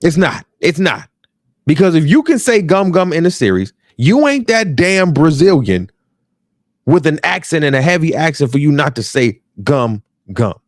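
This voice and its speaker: An American podcast host with an African American English accent rants casually and profanely, repeating phrases for emphasis. His fairly high, sing-song male voice moves at a normal speed, captured in a dry, studio-quality recording.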